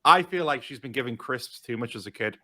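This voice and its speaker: A man's voice: mid-range voice, expressive, fairly quick, sharp tone. Wanted: a laid-back young British man with a mid-range voice, wry reader of odd news on a podcast. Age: young adult. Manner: laid-back, reads out news items wryly. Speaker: podcast co-host. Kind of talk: casual chat.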